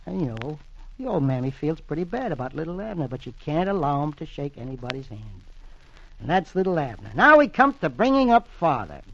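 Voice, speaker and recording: A man with a high-ish voice hosts a 1940s-style radio reading of the comics, folksy and chatty, acting out the voices. The recording is dry and sounds like a lo-fi old radio broadcast.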